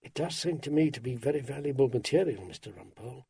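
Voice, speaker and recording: A man voicing an older barrister's clerk, quiet, shrewd and deferential. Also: mid-range voice, expressive, fast, vocal fry, husky, full character voice.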